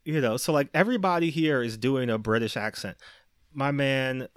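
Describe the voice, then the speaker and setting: A man hosting a podcast, talking casually and getting animated as he argues a point, often breaking into laughter. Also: normal speed, smooth, no room sound, clean studio sound. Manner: animated, laughing, rising pitch when worked up. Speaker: podcast host.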